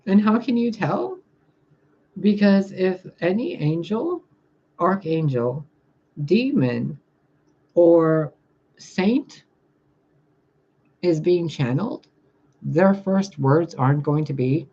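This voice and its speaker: A woman's voice: fairly low pitch, big pitch swings, slow pace, long pauses, dark tone, breathy edge, muffled recording. A woman speaking as a spiritual reader in a blunt, sarcastic, crude casual vlog monologue.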